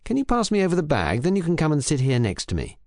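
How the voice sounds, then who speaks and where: A man's voice: on the high side, wildly swooping pitch, fast talker, darkish tone, dry recording, clean studio sound, voice pushed up. A man voicing a scheming English husband who talks with false politeness. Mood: falsely polite. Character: scheming English husband, middle-aged, cold.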